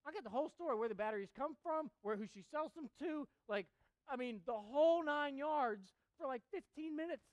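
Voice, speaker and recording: A man's voice: very high-pitched, animated, a little fast, dry recording, low-quality recording. A man preaching a sermon, telling a personal story in a casual way with many fillers, then reading scripture with emphasis. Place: church chapel.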